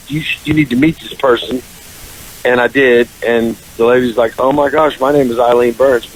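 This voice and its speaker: A male country singer telling a long story in a casual radio interview, animated, slipping into high voices for the people he quotes. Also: slight background noise, rough recording. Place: radio studio.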